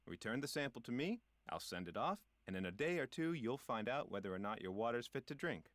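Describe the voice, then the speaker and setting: A man's voice: mid-range voice, sing-song, fairly quick, fairly bright tone, dry recording. A middle-aged man voicing a self-important, folksy park ranger in a video game, with a drawling, punny delivery. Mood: helpful.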